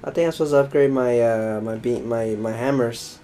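This let's play host is a young man with a mellow mid-range voice, fairly even intonation, and a brisk pace. He rambles playfully and jokes with viewers, whom he calls folks, over poor audio carrying slight hiss or hum.

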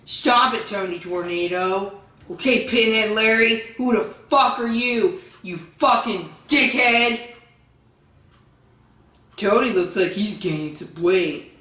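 Foul-mouthed woman yelling in an echoey room. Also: mid-range voice, takes it slowly. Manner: profane, insulting, yells at commenters. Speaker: vlogger reading viewer comments. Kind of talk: angry comment-reading rant. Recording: roomy echo, distant from the mic.

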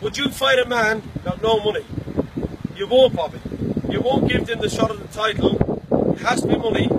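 Fighter issuing a boastful, repetitive challenge, high voice, wind roaring on the mic. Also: male voice. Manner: repetitive, boastful, greetings mixed with taunts. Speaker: bare-knuckle fight challenger. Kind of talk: rambling challenge video message. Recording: loud wind noise on the mic.

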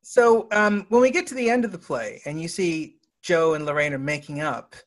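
A man with an American accent, a writer-director chatting with his actress in a relaxed interview. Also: fairly high pitch, moderate pace. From Los Angeles. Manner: relaxed and easygoing, asks short prompting questions. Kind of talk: casual interview chat.

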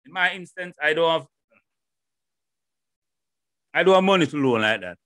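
Alone at home in Holland, a middle-aged Jamaican podcast host delivers a loud, animated, casual monologue, peppering listeners with rhetorical questions. His fairly high voice is bright and forceful, at a moderate pace with frequent pauses. The dry, close recording comes through headphones and a desk mic.

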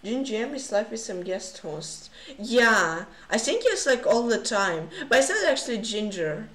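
An excitable woman chats through chess games on a live stream, often gasping and exclaiming. Her voice sits at an ordinary middle pitch and rings with a roomy echo. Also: measured pace. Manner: excitable, frequent gasps and exclamations. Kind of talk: casual livestream commentary.

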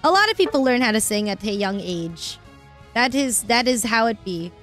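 A young adult woman chatting casually with her viewers while she plays a game, excitable and quick to laugh, cursing when things go wrong. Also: on the high side, soft background music. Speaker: streamer. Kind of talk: casual live-stream chat while gaming.

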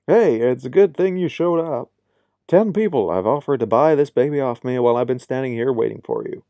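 A man's voice: mid-range voice, expressive, a little fast, warm tone, no room sound, natural voice. Man doing a pushy used-ship salesman. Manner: salesy, over-eager patter.

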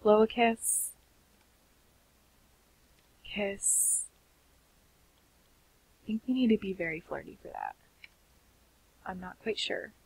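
A woman's voice: medium pitch, expressive, slow, gravelly, pauses often, slightly rough, no room sound, poor audio. Sleepy woman half-whispering game commentary. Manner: chatty, often drops into soft half-whispers. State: sleepy, keeps yawning. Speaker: gaming channel host. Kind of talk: casual gameplay commentary.

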